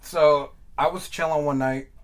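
A young man hosting a laid-back podcast, with a fairly high voice. He talks loudly, laughs through his sentences and swears freely, as if joking with a friend. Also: fairly even intonation, a little slow, low-quality recording. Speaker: podcast host. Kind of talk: casual chat.

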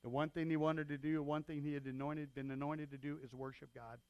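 A man's voice: on the high side, flat delivery, a little fast, smooth, dry recording, highs cut off. A man preaching a sermon as pastor, talking in a loose, conversational way with frequent asides to the congregation.

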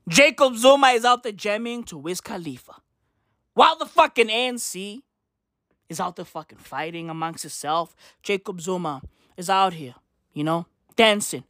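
A man's voice: sits high, no echo, studio quality. A man with a South African accent giving a profane, exasperated comedic rant full of slang. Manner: animated, exasperated, slangy, frequent laughter. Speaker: comedic commentator.

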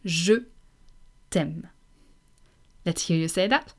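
A woman teaching phrases in a language lesson, slowly modelling each one for learners to repeat, with chatty asides. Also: medium pitch, expressive. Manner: slow, patient, models phrases for repetition. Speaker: French teacher.

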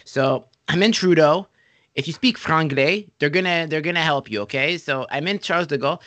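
A man hosting a podcast, chatting casually and telling stories with lively impressions. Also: a little high, fairly quick, no echo. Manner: chatty storyteller, animated impressions. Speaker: podcast host. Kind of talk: casual interview chat.

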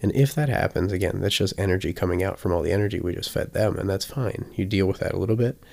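Male dog trainer, deep and gravelly, easygoing teaching style with lively acted-out examples. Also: quick pace. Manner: chatty, often checks in with "right?"; acts out examples with sudden bursts. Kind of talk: casual teaching talk.

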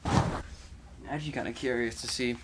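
A man's voice: medium pitch, steady tone, brisk, noisy background. Rambling, foul-mouthed young man. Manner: rambling, profane storytelling. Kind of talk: casual chat.

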